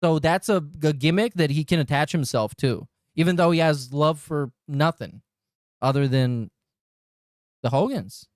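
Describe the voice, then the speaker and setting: A man's voice: a little high, normal speed, no echo. A man giving sarcastic, mocking commentary while reacting to a clip. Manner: sarcastic, mocking, laughs often. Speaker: reaction streamer.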